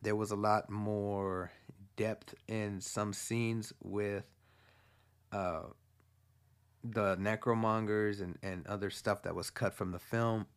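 A man with a lowish voice casually walks through a movie's plot. He rambles and swears freely, with plenty of fillers and restarts. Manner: rambling, profane, filler-heavy. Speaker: movie fan recapping a film.

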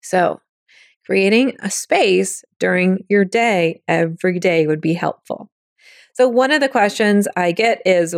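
A woman's voice: medium pitch, measured pace, no room sound, clean studio sound. A woman hosting a podcast, teaching in a casual, chatty way and acting out quoted thoughts in little voices. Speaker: podcast host. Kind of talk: casual spiritual teaching talk.

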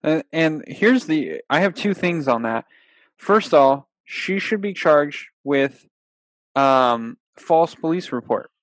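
Animated man retelling a story. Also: fairly high pitch, takes it slowly, dry recording. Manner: animated storyteller acting out quotes, laughing often. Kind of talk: casual chat.

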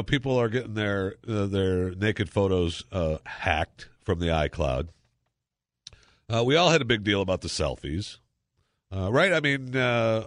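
A man's voice: mid-range voice, dry recording. A man hosting a talk radio show, joking around in a casual monologue with lots of fillers. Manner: jokey, animated, lots of fillers. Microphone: studio microphone.

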